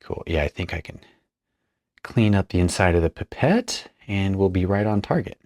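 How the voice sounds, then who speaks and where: Man, very low voice, relaxed tutorial narrator thinking aloud, dry close sound. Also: normal speed, no room sound. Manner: thinks aloud while working, chatty asides. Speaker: perfumer demonstrating a blend. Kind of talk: casual hands-on tutorial narration.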